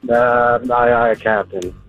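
A man's voice: medium pitch, steady tone, takes it slowly, fairly bright tone, soft background music, low-quality recording. A man calling in to a radio trivia game, giving short laid-back answers. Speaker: caller and game contestant.

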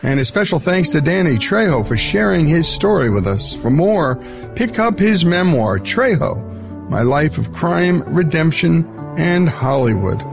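A man hosting a show, reading a measured scripted outro. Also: on the high side, very animated, creaky. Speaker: host. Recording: music bed under voice.

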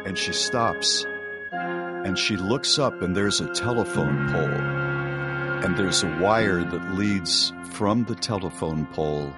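A man's voice: deep voice, takes it slowly. A man co-hosting a radio talk show, retelling a spooky story with acted-out quotes over a music bed. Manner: animated storyteller acting out quotes.

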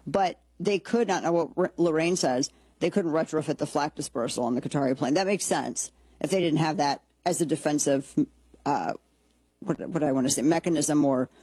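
A woman's voice: low-pitched, moderate pace, dark tone, slightly rough, no room sound. A woman hosting a political talk show. She gives opinionated commentary in a sarcastic, blunt and jokey way, and often restarts her sentences.

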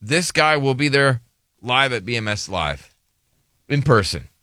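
A man hosting a radio show, chatting casually, rambling and repeating words in quick bursts. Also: medium pitch, big pitch swings, bright, forceful tone, no room sound, studio quality.

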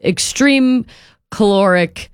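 A woman co-hosting a radio show in casual chat, reading out quotes with animated delivery. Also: medium pitch, slow, clear, resonant tone, no echo, studio quality. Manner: chatty, reads quotes aloud with animated delivery.

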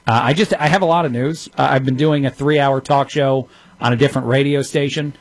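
A man's voice: mid-range voice, steady tone, no echo. Sarcastic male radio talk host. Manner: sarcastic, rapid-fire delivery with frequent fillers. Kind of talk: opinionated radio commentary.

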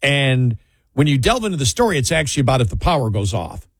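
A man's voice: mid-range voice, big pitch swings, fast talker, no room sound. A man co-hosting a talk radio show in a studio, chatting casually in a rambling, amused way. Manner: rambling, amused, restarts sentences.

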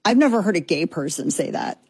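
A woman's voice: lowish voice, big pitch swings, a little fast, a little mellow, slightly rough, no room sound. A woman hosting a talk radio show, giving scornful, mocking commentary.

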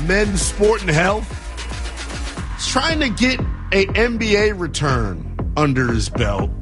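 A man hosting a sports talk radio show, brash and joking with callers and co-hosts. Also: high voice.

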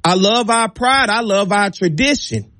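Man, high voice, emphatic host monologue, dry close sound. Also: lively intonation, measured pace, sharp tone, no room sound. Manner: emphatic, preachy, addresses listeners directly. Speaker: show host. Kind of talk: passionate opinion monologue.

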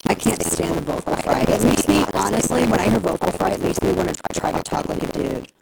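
Sarcastic woman talk-show host, gravelly. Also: fairly low pitch, quick pace. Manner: sarcastic, animated, mocking. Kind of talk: opinionated talk show rant. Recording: noisy broadcast audio.

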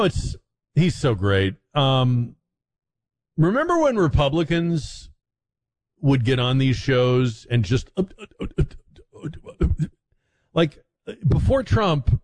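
A man hosting a talk radio show, delivering opinionated commentary with animated, mock-stammering asides. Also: a little high.

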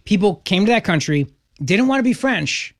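Brief: male radio host, gravelly, slightly high, punchy and enthusiastic. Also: big pitch swings, normal speed, no echo, clean studio sound. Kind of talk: conservative talk-radio interview.

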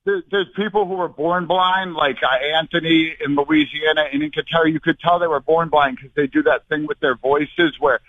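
A man's voice: a little high, fairly even intonation, normal speed, hardly any pauses, dry recording. A man calling in to a radio show, telling a rambling, breathless story over the phone. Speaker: caller. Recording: tinny phone line.

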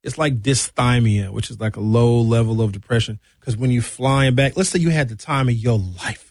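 A male morning radio host riffing in a casual monologue, chatty and animated, stretching his words out. His voice sits at a middling pitch. He is recorded close in a dry studio with no echo. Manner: chatty, drawn-out, animated storytelling.

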